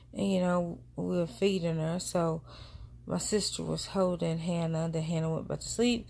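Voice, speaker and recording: A woman's voice: on the low side, vocal fry, a little mellow. A woman vlogger, telling a family story in a casual, rambling way with many asides. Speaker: vlogger and mother.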